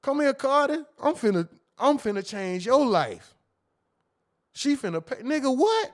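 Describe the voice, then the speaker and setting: A high-voiced man hosts a livestream and reads his chat aloud. His talk is loose and crude, and he often cracks himself up over his own slips. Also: big pitch swings, a little slow. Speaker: livestream host. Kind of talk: casual livestream commentary reading chat.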